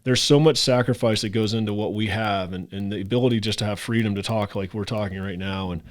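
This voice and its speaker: Male podcast host, low-pitched, heartfelt and grateful, stammers through restarts. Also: steady tone, fast talker. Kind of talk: casual interview chat.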